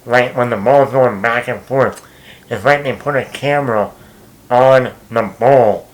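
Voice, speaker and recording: A young man giving a casual spoken movie review, rambling, often restarting and repeating words, with animated asides. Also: medium pitch, measured pace, poor audio.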